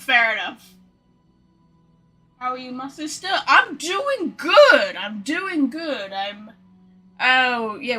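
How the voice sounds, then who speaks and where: A woman's voice: a little high, bright, forceful tone. A woman streaming a video game, chatting casually, swearing freely and talking to her cat. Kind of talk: casual gameplay commentary.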